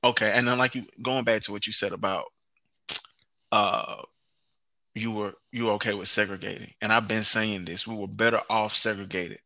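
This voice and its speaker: A man hosting a podcast speaks in a low, bright, forceful voice. He talks emphatically, comes back to the same phrases, and stammers when he gets excited. The sound is dry and close. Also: moderate pace, no echo. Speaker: podcast host. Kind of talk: casual conversation.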